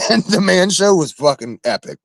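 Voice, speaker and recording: A man joins a stream as a guest and chats in an excitable, foul-mouthed way. His pitch jumps around, and his voice sounds dry and close. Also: measured pace, creaky, no room sound. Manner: excitable, swears freely. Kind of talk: casual chat.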